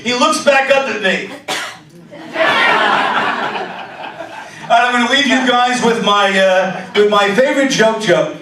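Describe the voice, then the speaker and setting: A man's voice: high voice, moderate pace, crowd noise. A man doing a stand-up comedy set, telling jokes and slipping into character voices. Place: deli comedy venue with live audience. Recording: very echoey room, mic far off.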